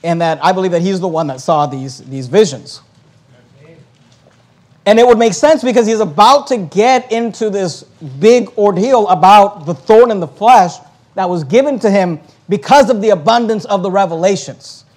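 A man's voice: sits high, normal speed, darkish tone. A man preaching a conversational Bible-teaching sermon, explaining verses with plenty of fillers and restarts.

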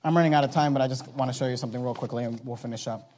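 A man preaching a sermon, reading scripture aloud and swinging from quiet asides to loud, slowed-down emphasis. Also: mid-range voice. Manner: reads King James scripture aloud, slowing for emphasis.

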